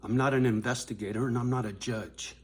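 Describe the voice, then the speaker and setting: An older man vlogging to his viewers in a confrontational, profane rant, dropping to low mutters and then rising to raised shouting. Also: steady tone, brisk. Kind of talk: angry direct-to-camera rant.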